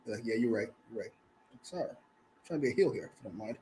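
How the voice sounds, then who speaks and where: This is a man chatting as co-host on a wrestling review show. He talks loosely and swears often, and his delivery swings widely in pitch as he jokes around. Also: fast talker, low-quality recording. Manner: animated, profane, jokey. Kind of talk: casual wrestling review chat.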